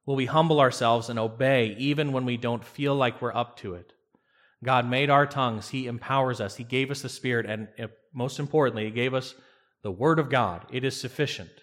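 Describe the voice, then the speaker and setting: A man's voice: mid-range voice, fairly quick. A male pastor preaching an earnest sermon who acts out quoted dialogue as he goes.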